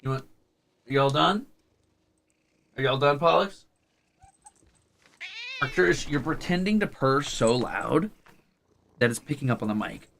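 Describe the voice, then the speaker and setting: A young male streamer talks casually, coaxing and teasing with offhand swearing. His voice is bright and gravelly, swinging widely in pitch, with faint music underneath. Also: expressive, a little slow, long pauses. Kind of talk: casual live stream chat.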